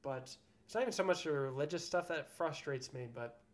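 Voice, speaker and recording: A man's voice: a little high, brisk. Frank, cussing male podcast host. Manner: frank, profane, ranting. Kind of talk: casual chat.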